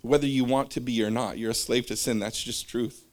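Steady in tone and a little mellow, this mid-range male voice moves fairly quickly through a casual religious talk. He meanders into personal stories, jumping among them in a loose, filler-heavy, conversational style.

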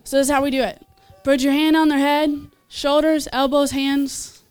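A woman's voice: high voice, flat delivery, normal speed, darkish tone. A woman preaching and leading prayer at a church gathering, earnest and encouraging, with small asides and laughs. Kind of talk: sermon and altar call.

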